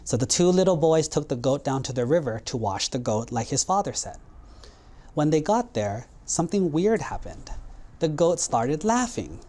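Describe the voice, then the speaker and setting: A man's voice: on the high side, normal speed. A man, a Buddhist monk, telling a moral story in a sermon with plain, simple words. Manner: simple plain words, lively acted quotes.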